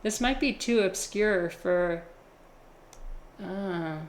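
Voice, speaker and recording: A woman's voice: medium pitch, extremely slow, a little hiss or hum. A young woman livestreaming a game, chatting in a rambling, casual way while reading chat. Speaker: streamer.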